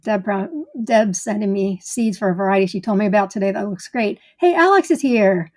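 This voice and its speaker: A woman's voice: medium pitch, a little fast, a little mellow. A woman hosting a live gardening stream in casual chat, greeting viewers by name in a chatty way.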